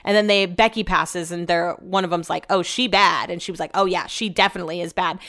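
A woman's voice: fairly low pitch, steady tone, brisk, few pauses, a bit bright. Chatty, slangy young woman telling a story. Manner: chatty, slangy, swears freely. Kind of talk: casual storytelling.

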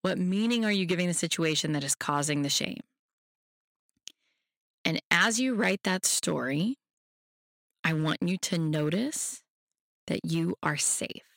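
A podcast host who gives a self-help talk in a gentle, reassuring way and speaks straight to the listener. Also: mid-range voice, lively intonation, unhurried, gravelly, long pauses, dry recording, clean studio sound.

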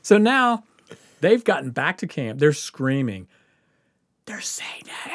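A man's voice: on the high side, slow pace, long pauses, no room sound, clean studio sound. A man hosting a podcast, telling a story casually with lots of laughter and acted-out quotes. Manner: animated, laughing often, acts out quotes. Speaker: podcast host.

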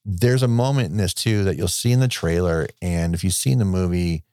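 Low-voiced excited movie-talk man. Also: a little fast, no room sound, clean studio sound. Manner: enthusiastic, swearing, rambling restarts. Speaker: podcast co-host. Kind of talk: casual movie discussion.

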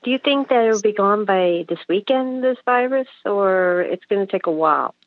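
A woman's voice: medium pitch, animated, dry recording. Sick woman caller on a tinny phone line. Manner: hesitant, halting with many fillers. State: sick with a hacking cough.

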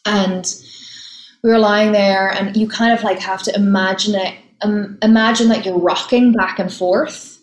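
A woman, an actress being interviewed, chatting casually and telling stories quickly with easy laughs. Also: medium pitch, steady tone, reverberant, poor audio. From Ireland. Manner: chatty, laughs easily, fast storytelling.

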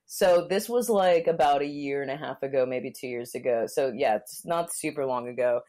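A woman's voice: a bass voice, moderate pace, mellow. A young woman co-hosting a podcast, chatting casually and telling frank stories, mimicking the voices of people in them. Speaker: podcast co-host. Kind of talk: casual chat.

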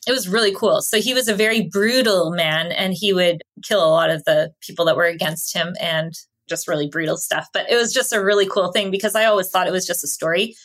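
A woman from Canada, a podcast guest telling lively travel stories and laughing along the way. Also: fairly low pitch, a little fast, hardly any pauses. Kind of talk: casual interview storytelling.

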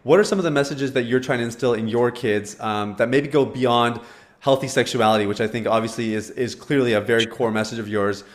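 A man's voice: mid-range voice, brisk. A man hosting a podcast interview, asking long, rambling, supportive questions with many fillers. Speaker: podcast host.

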